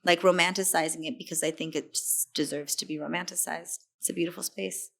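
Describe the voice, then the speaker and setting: A woman from East Los Angeles talks as a guest in a friendly conversation. She is lively and expressive, often jumping into acted-out voices to show how she reacted. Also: on the low side, brisk, creaky. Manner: lively, acts out her own reactions. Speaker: actress, guest. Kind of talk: casual chat.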